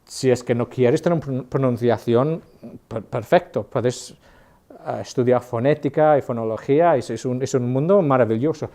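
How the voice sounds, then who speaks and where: A man's voice: medium pitch, brisk, mellow. A man in his fifties with an educated Northern English accent, giving a chatty, jokey online class as an English teacher, often restarting his sentences. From Northern England. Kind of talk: informal online class talk.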